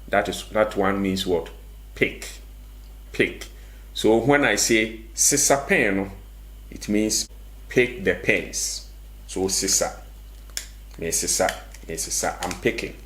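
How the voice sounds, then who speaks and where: A man teaches a language lesson at a very unhurried pace. His voice sits fairly low, and he repeats each word patiently, often posing a question and answering it himself. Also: a bit bright.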